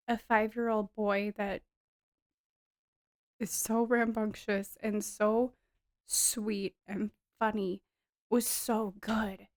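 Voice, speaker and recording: A woman's voice: mid-range voice, no room sound, studio quality. Earnest woman telling a personal testimony. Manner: earnest, emotional retelling with fillers. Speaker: wife sharing a testimony. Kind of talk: personal testimony, casual storytelling.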